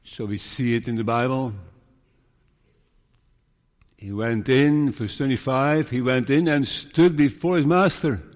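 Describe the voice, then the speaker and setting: A man preaching a sermon, telling a Bible story in an earnest, measured way and pleading with his listeners. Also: mid-range voice. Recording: long reverb of a large hall.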